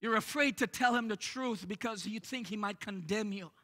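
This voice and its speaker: Pastor guy preaching sunday, really high bright voice, lots of uh's between phrases. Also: moderate pace. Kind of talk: church sermon. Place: church sanctuary during service.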